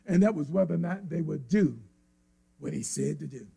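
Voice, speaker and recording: A male preacher with a high-pitched, gravelly voice delivers an impassioned sermon. He drops to hushed, pleading tones and then rises into cries, with a Black flavor in his speech. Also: lively intonation, normal speed. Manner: impassioned, swings from hushed to shouting.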